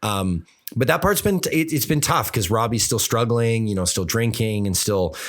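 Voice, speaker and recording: A man's voice: fairly low pitch, animated, moderate pace. A man, a filmmaker guest on a podcast, chatting casually and animatedly, swearing and imitating the people he quotes. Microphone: studio mic.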